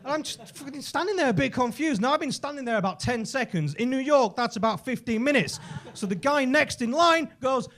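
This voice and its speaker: An English man doing a stand-up comedy routine on a comedy club stage, telling stories in an animated way with casual swearing. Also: very high voice, a little fast. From England.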